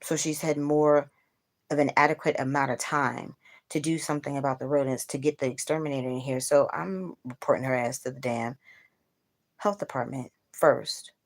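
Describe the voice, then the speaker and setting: A woman's voice: extremely low pitch, fairly even intonation, normal speed. A woman hosting a casual livestream, venting bluntly to her viewers with plenty of profanity. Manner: talks straight to viewers. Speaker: livestream host.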